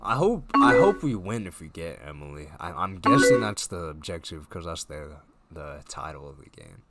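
Playing through a story game, this man has a deep, sing-song voice and chats casually, reading out lines from chat, reacting offhandedly, now and then swearing. It's let's-play commentary recorded on a desk mic with a face cam, with loud game music and typing on a keyboard in the background.

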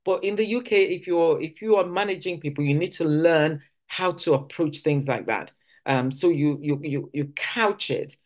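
A woman's voice: low-pitched, moderate pace. A woman from Nigeria, giving a conversational teaching talk at a church service, often restarting sentences and acting out quoted speech. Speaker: church speaker.

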